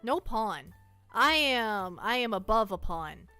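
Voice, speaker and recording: Woman streamer, higher-pitched, crisp voice, playful and rambling, over-caffeinated, dry close mic. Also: animated, slow, pushed and bright, no room sound, faint music behind. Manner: playful, rambling, self-mocking. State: jittery from too much caffeine. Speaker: live streamer. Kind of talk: casual chat to a live audience.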